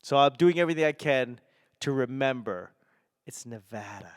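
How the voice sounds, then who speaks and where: A man in his forties with a faint Boston accent hosts his podcast alone, rambling with wry, self-mocking asides. His voice is smooth and clear, recorded close and dry with no room sound. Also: medium pitch, animated, normal speed, dry recording. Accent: softened Boston. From Boston area, New England. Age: 40s. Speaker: podcast host and stand-up comedian. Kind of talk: solo casual podcast rambling.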